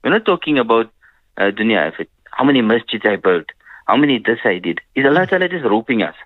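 A man giving a gentle religious talk on a radio program, telling stories and peppering his speech with "you know". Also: medium pitch, sing-song, quick pace, no room sound. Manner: gentle preaching with frequent "you know" fillers. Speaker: Islamic scholar on a radio program. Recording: dry phone-line radio sound.

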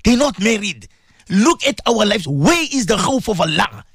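A man's voice: high-pitched, very animated, moderate pace, fairly bright tone, husky, dry recording, clean studio sound. A man giving an impassioned radio sermon, full of repeated rhetorical questions. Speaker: radio preacher.

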